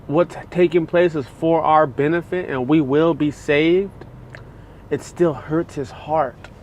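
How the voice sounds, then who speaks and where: Casting: male preacher, mid-pitched voice, easygoing devotional talk, chatty and full of fillers, faint hum behind. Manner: conversational and loose, many fillers like "you know" and "like".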